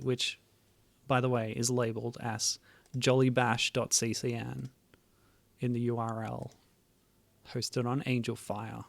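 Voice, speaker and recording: A man hosting a game stream in a relaxed, chatty way, thinking aloud and laughing often. His middle-pitched voice has a gravelly, creaky edge. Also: dry recording. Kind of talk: casual livestream chat.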